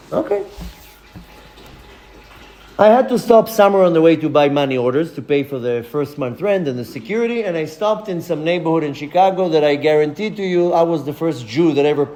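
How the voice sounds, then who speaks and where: Man, rabbi, high voice, animated storyteller, lecture, acts out dialogue.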